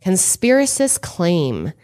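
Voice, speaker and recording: A woman's voice: on the low side, huge pitch swings, takes it slowly, a little mellow. A woman co-hosting a casual podcast quiz, blunt and joking as she reads questions and argues answers. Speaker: podcast co-host. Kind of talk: casual quiz game chat.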